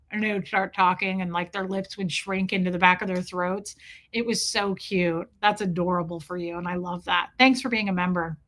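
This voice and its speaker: Bright fast-talking woman streamer. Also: mid-range voice. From US Midwest. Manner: fast-talking, swearing, laughing storyteller. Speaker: live-stream host. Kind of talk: casual live-stream chat.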